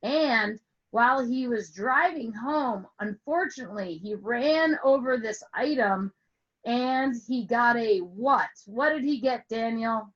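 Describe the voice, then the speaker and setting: A woman's voice: fairly high pitch, slow pace, muffled recording. A woman music teacher telling a playful story to explain a lesson, asking questions and stretching words for emphasis over an online call. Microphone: online call with screen share.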